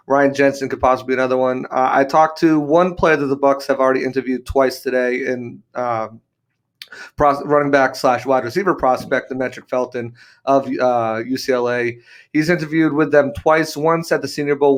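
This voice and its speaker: Male football reporter guest, mid-pitched, calm, steady, casual analysis. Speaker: team news reporter guest.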